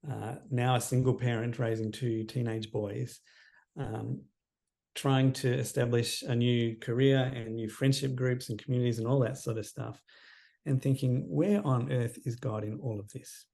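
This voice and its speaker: This Australian counsellor, a man in his fifties, shares a personal story as a podcast guest in an interview. His gravelly voice is warm and mellow, pitched at a typical middle height for a man, with a steady tone and moderate pace. Earnest and reflective, he lets sentences sink into quiet endings.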